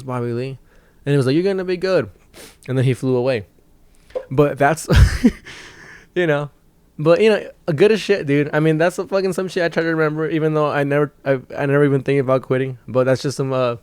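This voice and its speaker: A young stand-up comic rambles through a story on his own podcast, cursing freely and getting animated when he quotes people. His voice sits at an ordinary pitch for a man. The sound is dry and close. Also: smooth, no echo. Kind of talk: casual storytelling monologue.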